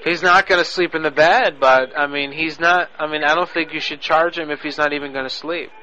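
A man's voice: a little high, steady tone, brisk, sharp tone. A man making a prank phone call, lecturing in an indignant way over a lo-fi line. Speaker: prank caller. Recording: lo-fi phone audio on radio.

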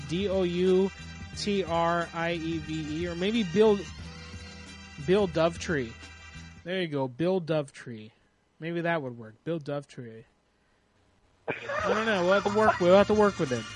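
A man's voice: high-pitched, lively intonation, a little fast, faint music behind. A man hosting a prank call livestream in casual, rambling chat, cursing freely and reading out viewer suggestions. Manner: rambling, profane, reads chat suggestions aloud. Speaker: prank call show host.

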